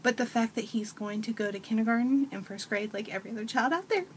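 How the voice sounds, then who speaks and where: A woman's voice: on the high side, fast talker, a little hiss or hum. A woman in her thirties giving a casual testimonial as a parent, telling stories with animation and acting out her child's voice.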